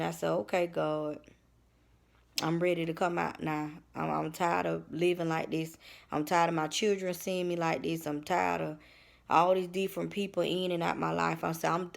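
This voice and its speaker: A woman's voice: fairly low pitch, vocal fry. A woman, giving a personal testimony in an earnest, preacherly way that repeats phrases. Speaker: vlogger sharing testimony.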